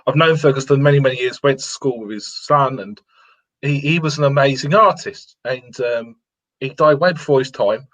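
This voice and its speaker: A man's voice: mid-range voice, normal speed, a bit bright. A man, a guest watercolourist, talking earnestly and repeating himself to encourage others in a casual interview. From England. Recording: lo-fi sound.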